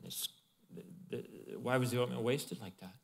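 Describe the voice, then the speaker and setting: A man preaching a sermon at mid pitch, talking to the congregation in a lively, conversational way. His voice trails into a long church reverb. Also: normal speed, gravelly. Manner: conversational, animated preaching with asides. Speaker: pastor. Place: church in Arizona.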